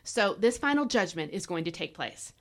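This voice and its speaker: A woman's voice: fairly low pitch, very animated, normal speed. A woman hosts a devotional podcast and teaches from scripture with real fervor. She speaks in an exhorting, preachy style, pressing her listeners directly. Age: adult parent. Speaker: podcast host.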